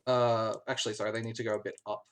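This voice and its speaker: A game master runs a tabletop game in a mid-pitched voice. The speech rambles, with restarts and laughter. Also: little pitch movement, rapid-fire, smooth.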